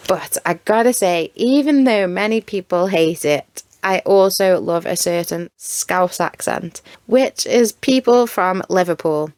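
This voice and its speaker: A woman's voice: mid-range voice, expressive, moderate pace, a little mellow, no room sound. A woman with a Stoke accent narrating in a giggly, chatty way. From Stoke-on-Trent, England. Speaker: documentary narrator. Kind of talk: casual narration.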